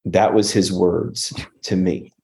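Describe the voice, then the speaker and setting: Guest, male, low mellow voice, earnest storyteller who restarts a lot. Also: steady tone, slow pace, gravelly. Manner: earnest, restarts often, acts out quoted speech. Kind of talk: conversational storytelling.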